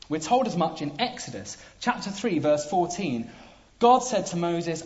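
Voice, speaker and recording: A man preaching a sermon, emphatic, with dramatic pauses. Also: a little high, very animated. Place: church hall. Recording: dull lo-fi sound.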